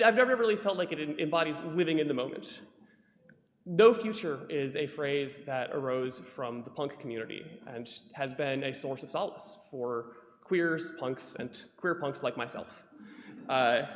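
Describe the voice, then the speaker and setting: A speaker giving a prepared reflection from a church pulpit, earnest and measured with a dry humor. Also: male voice, mid-range voice. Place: church sanctuary. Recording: echoey hall with long reverb.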